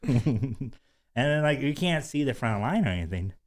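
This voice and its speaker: A man's voice: medium pitch, sing-song, moderate pace. A man hosting a podcast, telling a story in casual chat, rambling with many fillers and frequent giggles. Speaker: podcast host.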